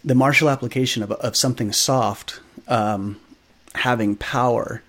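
A man in his thirties, a podcast guest, telling a story in a casual, animated way, acting out quoted dialogue with many fillers. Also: medium pitch, moderate pace, slight background noise.

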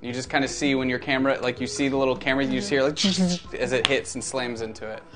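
A game master runs a tabletop game, narrating in a relaxed way and laughing often. The voice sits at a middle pitch. Faint music plays behind. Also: fast.

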